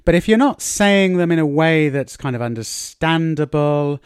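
A man's voice: on the high side, lively intonation, moderate pace, smooth, no echo, studio quality. A man giving a casual spoken lesson as a language coach, talking loosely with many fillers and restarts. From England.

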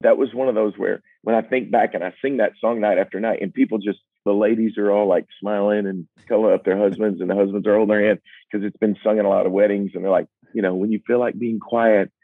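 An older man with a deep, low voice shares candid stories in an earnest, self-deprecating way, often stopping and restarting his thoughts. The sound is dry and narrow, like a phone line. He comes across as a singer-songwriter reflecting aloud. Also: level tone, fast, no echo. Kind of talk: candid personal storytelling.

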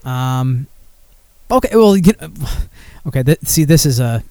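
A man's voice: medium pitch, lively intonation, unhurried, darkish tone, smooth, no echo. A man hosting a beer podcast in casual chat, rambling and blunt with frequent swearing. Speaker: podcast host.

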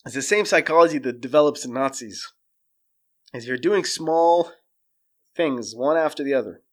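A man on a casual livestream, ranting in an animated, profane way, his voice jumping up when he gets exasperated. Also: medium pitch, normal speed. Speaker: streamer.

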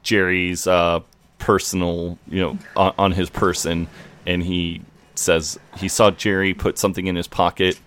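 Low-voiced man, casual podcast chat. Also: flat delivery, measured pace, fairly bright tone. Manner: loose and profane, retelling scenes line by line. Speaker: podcast co-host. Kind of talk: casual chat recapping a TV episode.

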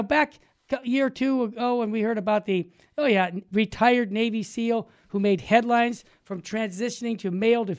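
A man co-hosting a talk show, giving emphatic, preachy commentary on news stories. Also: high voice. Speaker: co-host.

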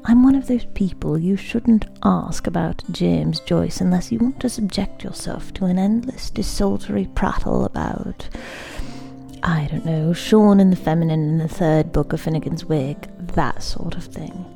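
Soft-spoken woman reading a bedtime story. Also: fairly low pitch, normal speed, gravelly, faint music behind. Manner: soft, often half-whispered reading. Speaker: podcast host and reader.

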